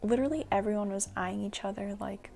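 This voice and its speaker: A young adult woman telling a personal story in an animated, dramatic vlog style. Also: mid-range voice, quick pace, gravelly. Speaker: vlogger.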